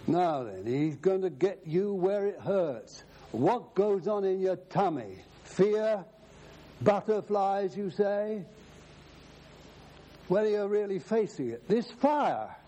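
A man's voice: high-pitched, warm tone, slight background noise. A man preaching a sermon, emphatic, quoting scripture at length.

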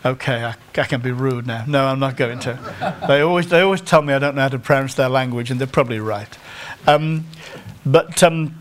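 A man's voice: medium pitch, a little fast, hardly any pauses. A middle-aged man with a North Staffordshire English accent preaching a sermon in a conversational, self-deprecating way, often stopping to restart his phrases.

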